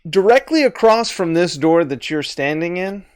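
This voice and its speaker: A man's voice: sits high, expressive, moderate pace, clear, resonant tone, no echo, studio quality. A man narrating a tabletop game as its game master, describing scenes and laughing often between descriptions. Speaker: dungeon master. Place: live-stream home setup.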